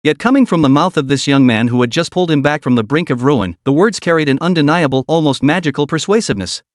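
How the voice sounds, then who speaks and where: A man's voice: fairly high pitch, lively intonation, fast talker, no echo, clean studio sound. A man narrating a story recap in a scripted, dramatic storytelling manner.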